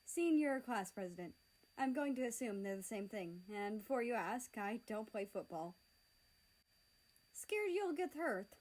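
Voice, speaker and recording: A woman's voice: medium pitch, moderate pace, darkish tone, natural voice, poor audio. Cocky teasing teen boy, class president type, woman reading him.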